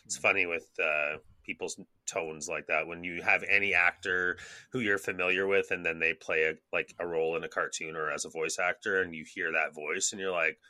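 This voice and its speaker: A man's voice: low-pitched, fairly even intonation, brisk, few pauses, pushed and bright, dry recording. A man in his thirties from Canada, co-hosting a casual podcast, rambling and swearing freely as he acts out his own thoughts. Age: 30s. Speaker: podcast co-host. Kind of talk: casual chat.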